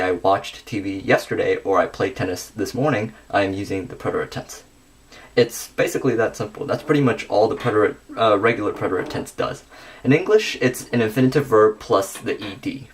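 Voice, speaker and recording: A young man giving a scripted grammar lesson, working through verb endings slowly and methodically. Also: fairly low pitch. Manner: methodical, reads conjugations slowly with pauses.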